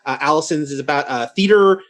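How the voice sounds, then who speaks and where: A man's voice: a little high, fast. A man chatting casually as a panelist on an entertainment show, setting up a segment and interviewing guests with plenty of "uh" fillers. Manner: loose, filler-heavy, chatty. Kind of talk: casual chat.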